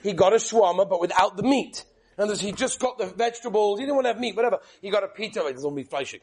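An animated man with a high voice leads a class, speaking with a lilt. He keeps it lively, tossing in anecdotes and questions to his students. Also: very fast, husky. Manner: animated, storytelling, drops into whispered quotes. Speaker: rabbi teaching a class. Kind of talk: lively lecture on Jewish law with stories.

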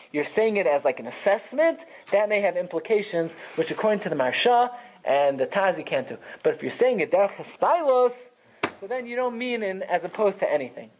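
A man's voice: high-pitched, a little hiss or hum, rough recording. Guy teaching talmud class, chatty, voice jumps all over the place. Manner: animated, conversational explaining with Hebrew and Yiddish terms. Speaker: Torah teacher.

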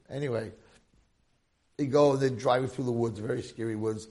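Gravelly animated storyteller man. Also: mid-range voice, normal speed, pauses often. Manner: animated storyteller, talks to audience. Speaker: Torah teacher. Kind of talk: storytelling Torah class.

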